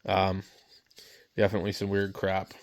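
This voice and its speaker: Casting: a low-voiced man, blunt and rambling, casual storytelling to camera. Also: monotone, moderate pace. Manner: blunt, rambling, lots of fillers. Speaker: vlogger.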